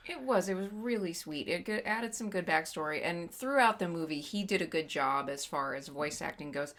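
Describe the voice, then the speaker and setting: A woman's voice: on the low side, animated, normal speed, fairly bright tone. A woman co-hosting a casual movie review podcast, opinionated and ranting, swearing freely. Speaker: podcast co-host.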